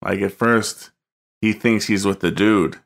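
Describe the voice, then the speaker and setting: A man's voice: lowish voice, steady tone, a little slow, gravelly. A man co-hosting a casual chat about a film, thoughtful and hesitant with many fillers. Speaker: film podcast co-host.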